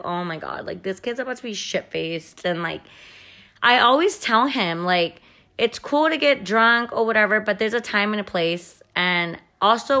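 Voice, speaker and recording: A woman in her thirties hosts a podcast from home, telling a story in a blunt, profane, chatty style packed with "like" fillers. Her voice is medium-pitched and bright, with a forceful tone.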